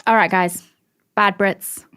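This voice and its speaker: A woman's voice: medium pitch, steady tone, slow, pushed and bright, clear, resonant tone. A British woman guesting on a podcast, chatting and teasing with frequent laughter. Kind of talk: casual podcast chat.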